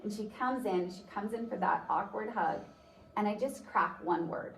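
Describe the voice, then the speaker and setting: A woman's voice: medium pitch, moderate pace. Woman telling her story in a roomy hall. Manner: conversational, frequent "like" fillers. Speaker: speaker. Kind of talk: personal story in a motivational talk. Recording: roomy, distant mic, faint noise.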